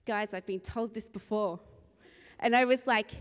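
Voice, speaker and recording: Higher-voiced woman preaching in a big echoey hall. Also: normal speed, smooth. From Australia. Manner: lively, rambling storytelling with laughter. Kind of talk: sermon opening with a personal story. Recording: long reverb in a large hall.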